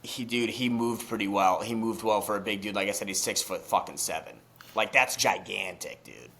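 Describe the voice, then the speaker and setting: A young man co-hosting a podcast in casual chat, excitable and swearing freely, rambling through restarts. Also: fairly low pitch, moderate pace, vocal fry. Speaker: podcast co-host.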